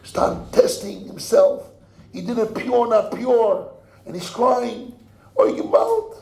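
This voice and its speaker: An older man, a rabbi telling a story in a sermon. He acts out the voices, swinging from hushed murmurs to loud cries. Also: high voice, slow, creaky. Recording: echoey room.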